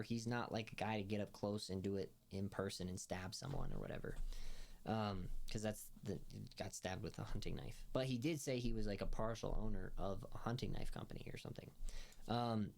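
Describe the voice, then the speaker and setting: A man's voice: on the low side, darkish tone. A man hosting a film review podcast, recapping episodes in a rambling, casual way full of fillers and restarts, laughing as he retells scenes.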